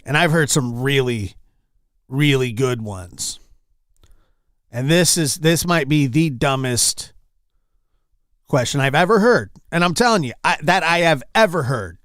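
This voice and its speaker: A fairly high-voiced man rants over news clips, exasperated and repeating himself, his voice jumping between loud bursts and mutters. The sound is dry and close, with no room around it. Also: lively intonation, measured pace, long pauses, dry recording. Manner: exasperated, repetitive, swings loud and soft. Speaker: commentary channel host. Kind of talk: casual reaction commentary.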